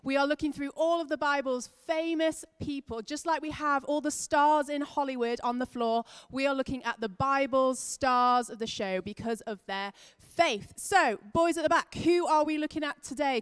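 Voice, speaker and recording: A woman's voice: sits high, clean tone, no echo, studio quality. A young woman hosting a children's church session online, chatty and upbeat with a slightly scattered delivery.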